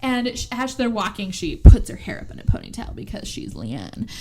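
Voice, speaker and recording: A woman podcast host giving a casual movie recap, talking fast and chatty with lots of "like" and "right?". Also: mid-range voice, sing-song, heavy background noise.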